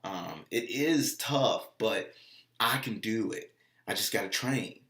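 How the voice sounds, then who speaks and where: A man speaks in a casual motivational monologue, his low voice rough with gravel. He talks earnestly, circles back over his points and acts out little bits of dialogue. The sound is roomy and echoey. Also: animated, takes it slowly, a bit bright. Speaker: motivational vlogger and dog trainer.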